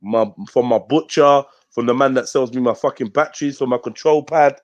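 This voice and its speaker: A man hosts a live talk stream. He speaks bluntly in street slang and swears freely. His voice sits in an ordinary middle pitch, recorded dry and close. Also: fairly quick, a little mellow, no echo, highs cut off. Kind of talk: casual livestream rant.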